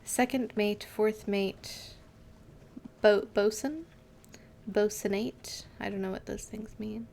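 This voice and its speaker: A woman streams a game from home and chats casually into a desk mic. She talks at an unhurried pace and wanders off into stories, padding her talk with "like" and "um". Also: mid-range voice, steady tone, gravelly, darkish tone. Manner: rambling, filler-heavy storytelling. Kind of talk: casual live game commentary.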